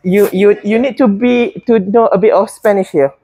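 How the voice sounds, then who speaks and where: Woman teacher, husky voice, halting delivery, questions to the class. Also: mid-range voice, warm tone. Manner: hesitant, many fillers and restarts, asks students questions. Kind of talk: classroom botany lesson.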